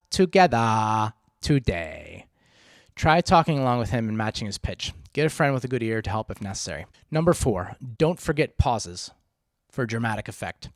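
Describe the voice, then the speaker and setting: A man at an ordinary middle pitch gives a voice lesson. He talks students through each step patiently and cheers them on. The recording is close and dry, with no room sound. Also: no room sound. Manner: patient, encouraging, step-by-step explanations. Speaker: vocal coach. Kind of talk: instructional voice tutorial.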